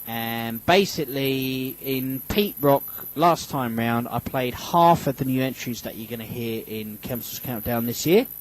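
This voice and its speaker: A man's voice: mid-range voice, measured pace, hardly any pauses, poor audio. A man hosting a casual radio show, rambling with many fillers and restarts and joking about himself into a studio microphone. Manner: joking, self-mocking. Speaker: radio host.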